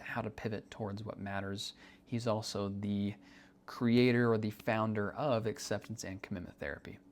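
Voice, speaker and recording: A young man hosting a self-help podcast, explaining ideas in an earnest, conversational way and repeating key points for emphasis. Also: fairly low pitch. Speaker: podcast host. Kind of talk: earnest podcast teaching monologue.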